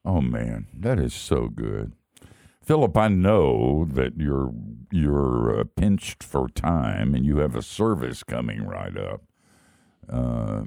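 A man's voice: extremely low pitch, creaky, mellow, no room sound, clean studio sound. A man hosting a talk show, folksy and joking, with enthusiastic reactions. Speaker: host. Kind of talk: casual chat.

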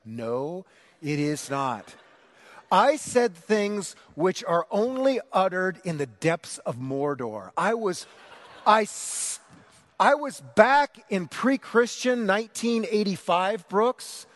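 A middle-aged man preaching a sermon, telling a story about himself in an animated, self-mocking way and acting out the shouting. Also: sits high, a little slow. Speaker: pastor.

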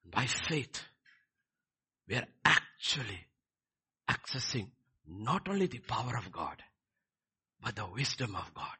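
A man preaching a sermon, swinging between quiet lines and loud, emphatic ones. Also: medium pitch, big pitch swings, takes it slowly, long pauses, slightly rough. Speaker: pastor.

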